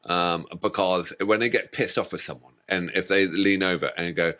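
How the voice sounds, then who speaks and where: Jokey man, slightly low voice. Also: steady tone, moderate pace, pushed and bright. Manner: jokey, laughing storyteller. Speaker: co-host of a music reaction channel. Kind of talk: casual chat.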